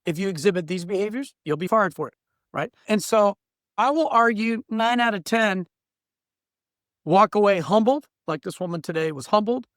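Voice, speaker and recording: A man's voice: high voice, a bit bright, no echo, clean studio sound. A middle-aged man, a workplace coach, telling blunt stories in a podcast interview and acting out the people he quotes. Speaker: diversity trainer and workplace coach. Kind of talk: animated storytelling in a podcast interview.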